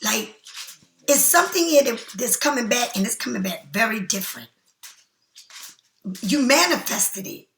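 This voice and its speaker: A woman's voice: fairly high pitch, animated, moderate pace, pauses often, a bit bright, echoey room, slight background noise. A woman giving a casual tarot reading straight to the viewer, repeating herself for emphasis as she offers spiritual encouragement. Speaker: tarot card reader.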